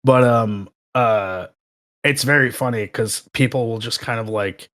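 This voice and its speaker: A young man, a podcast guest, telling work stories in a sarcastic, animated way during a casual chat. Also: medium pitch, moderate pace.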